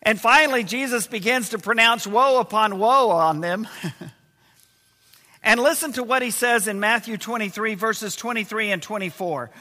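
A pastor delivers a sermon in a high, sharp male voice that rings out through a reverberant hall. He slows down to stress key words and sometimes lets his voice sink low and quiet. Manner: emphatic preaching, slowing to stress key words, voice dropping low and quiet at times.

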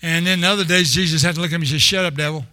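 Older man, sermon, rambling stories with restarts, bright tense tone. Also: a little high, steady tone, very fast, no echo. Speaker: preacher.

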